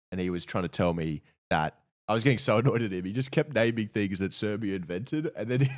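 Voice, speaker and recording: A man's voice: mid-range voice, darkish tone. A young man co-hosting a livestream, joking and teasing in casual banter. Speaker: streamer, co-host.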